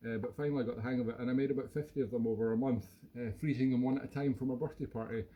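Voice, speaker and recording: A man's voice: medium pitch, steady tone, rapid-fire, narrow, tinny audio. Playful fifty-something man rambling at home. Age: 50s. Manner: playful and rambling, with many restarts. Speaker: musician hosting a live stream. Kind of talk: casual live-stream chat. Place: home room.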